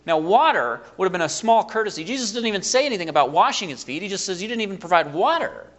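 A man preaching a sermon, retelling a story in an animated way and acting out the quotes. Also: high-pitched, fast talker.

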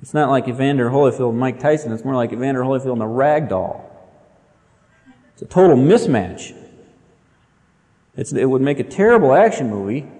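Animated preacher in a reverberant hall. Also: male voice, medium pitch, brisk, pauses often. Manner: animated, dramatic storytelling with acted-out quotes. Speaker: pastor. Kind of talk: sermon.

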